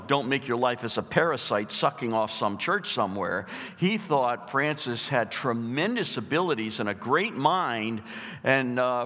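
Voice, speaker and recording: A middle-aged male pastor preaching a sermon, telling a story in an emphatic, animated way. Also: medium pitch, big-room sound.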